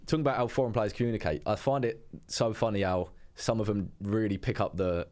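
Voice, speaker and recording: A young ex-footballer chatting casually, rambling with many fillers. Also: male voice, fairly low pitch, fairly even intonation, brisk, a little mellow. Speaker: ex-professional footballer, co-host. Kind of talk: casual chat.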